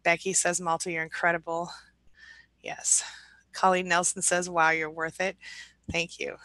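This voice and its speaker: A woman hosting a live stream, reading out viewer comments with a warm, emotional manner. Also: on the low side, level tone, unhurried, no echo. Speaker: host.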